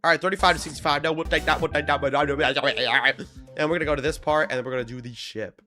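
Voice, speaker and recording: A man chatting casually with his viewers during a live game stream, telling stories with sudden excited bursts. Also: on the high side, quick pace, over music. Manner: excitable storyteller, talks to chat, loud bursts. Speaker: livestreamer. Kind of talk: casual live-stream chat while gaming.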